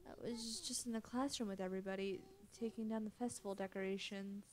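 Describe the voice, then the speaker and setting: A woman's voice: mid-range voice, steady tone, a little fast, natural voice. A woman voicing a frightened teenage schoolgirl who talks herself through panic.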